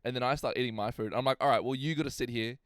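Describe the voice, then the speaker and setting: A man's voice: medium pitch, fairly even intonation, rapid-fire, smooth, dry recording. A young man telling a casual, sweary story on a podcast and acting out what other people said. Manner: swearing, acts out quotes in other voices. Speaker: podcast co-host.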